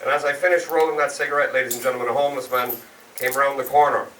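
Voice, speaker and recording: A man's voice: medium pitch, steady tone, racing, a bit bright. A young man from the west of Ireland with a West of Ireland accent, doing a sweary, chatty stand-up set and teasing the crowd. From Galway, west of Ireland. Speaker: stand-up comedian. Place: comedy club stage. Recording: echoey club, far mic, crowd noise.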